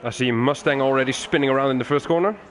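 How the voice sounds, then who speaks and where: A young man co-commentating a race in a relaxed, playful way, guessing aloud about what drivers will do. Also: medium pitch, racing. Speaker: sim racing co-commentator. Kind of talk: casual live race commentary.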